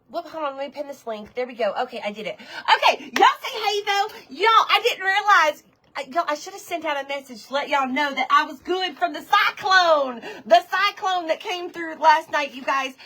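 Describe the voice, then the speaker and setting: A woman's voice: sits high, animated, moderate pace, bright, forceful tone. A woman hosting a live craft stream, chatting casually and greeting viewers one by one by name. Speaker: livestream host of a craft show. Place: home woodshop.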